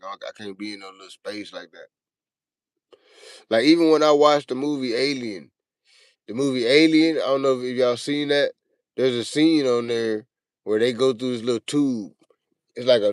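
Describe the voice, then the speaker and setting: A man hosting a show, telling a long, profane personal story in a casual, animated way. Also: medium pitch, no echo, clean studio sound. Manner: profane, animated, acts out his own panicked yelling. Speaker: show host.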